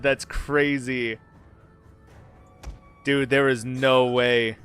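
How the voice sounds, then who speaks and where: Young male streamer, bright edgy tone, hotheaded, cusses, faint music behind. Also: medium pitch, unhurried. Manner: excitable, swears when frustrated. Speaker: game streamer. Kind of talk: live gameplay commentary.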